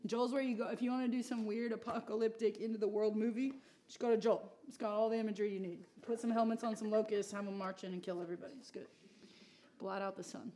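A woman's voice: medium pitch, fairly even intonation, quick pace, warm tone, a little hiss or hum. A woman teaching a Bible study class in a casual, joking way, with asides to the room. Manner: chatty and joking, with asides to the audience.

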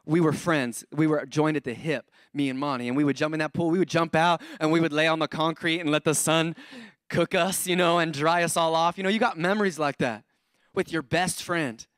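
A man in his thirties preaching a sermon as a pastor, telling stories in an animated, playful way and acting out voices. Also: on the high side, fairly quick, no room sound, studio quality. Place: church auditorium.

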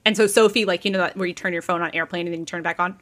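A woman in her thirties hosts a casual gossip podcast. She tells the story in an animated way, putting on the voices of its people and often breaking into laughter. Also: lowish voice, racing. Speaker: podcast host.

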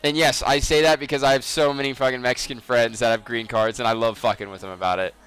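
A man's voice: medium pitch, steady tone, fast, fairly bright tone, smooth, faint music behind. A man in his twenties chatting casually on a game livestream, swearing freely, teasing his viewers and laughing often. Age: 20s. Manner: joking, profane, laughs often. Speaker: game streamer.

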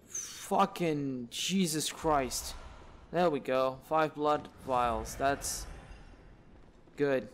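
A man's voice: mid-range voice, extremely slow, a little hiss or hum. A man giving live commentary on his own gameplay, exasperated and swearing at the enemies on screen. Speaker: let's play gamer. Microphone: desk mic, camera off.

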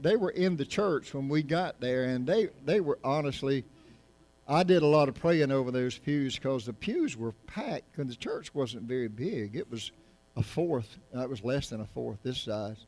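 A man's voice: mid-range voice, lively intonation, normal speed, a little mellow. A middle-aged man, a pastor preaching to his congregation in a folksy, joking, rambling way with many restarts. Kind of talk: casual sermon to a congregation. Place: church sanctuary.

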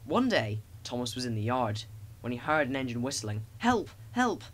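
A man narrating a children's railway storybook in a gentle, expressive reading. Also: mid-range voice, brisk. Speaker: audiobook narrator.

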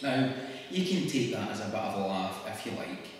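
Speaking to an audience in an echoey church hall, a Scottish man gives a public talk in a conversational, wry way with quick laughs. His voice is fairly low and sing-song, picked up from far off with a little hiss or hum.

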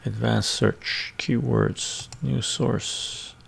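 Male host, very gravelly, mid pitch, casual and muttery, thinking aloud. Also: fairly even intonation, drawn-out words, a bit bright, slight background noise. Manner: thinking aloud, muttering while searching charts. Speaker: finance video host. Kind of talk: casual screen-share commentary. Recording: ASMR-style close mic.

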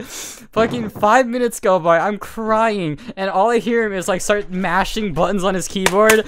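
A young man casually telling a funny story to friends, swearing often and animated. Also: high-pitched, moderate pace, hardly any pauses, a little hiss or hum.

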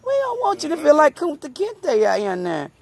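A woman, vlogging at home on her phone in loud, profane, laughing banter. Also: high-pitched, wildly swooping pitch, normal speed, creaky. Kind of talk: casual home vlog. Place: home, indoors then outdoors at night.

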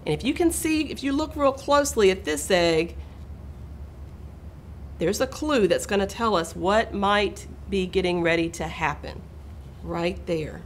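A middle-aged woman reading a picture book aloud to children, expressive and talking to her young listeners. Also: mid-range voice, measured pace, a little hiss or hum. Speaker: school administrator reading aloud.

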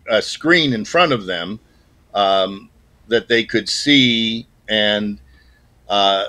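Guy in his sixties, bright sharp voice, chill storytelling, fades out at the ends. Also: fairly low pitch. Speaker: guest, former child actor. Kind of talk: casual interview chat.

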